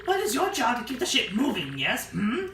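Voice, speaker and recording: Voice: medium pitch, wildly swooping pitch, fairly quick, fairly bright tone, echoey room, distant mic, voice pushed up. A player voicing a pompous, bossy male ship owner who talks grandly and theatrically. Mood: haughty. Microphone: phone.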